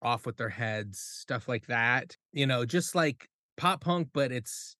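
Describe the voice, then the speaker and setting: A man's voice: medium pitch, lively intonation, slow pace, sharp tone, no room sound, studio quality. A man from the Midwest US, a guest musician on a casual podcast, rambling with lots of filler words and swearing.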